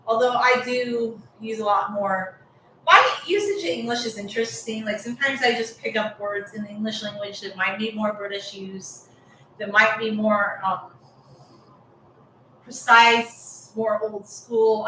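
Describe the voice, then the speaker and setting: A woman's voice: mid-range voice, fairly bright tone, a little hiss or hum. A woman with a Californian accent talking frankly and rambling, with many "like"s, in a casual vlog about her long hair. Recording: echoey room, mic at a distance.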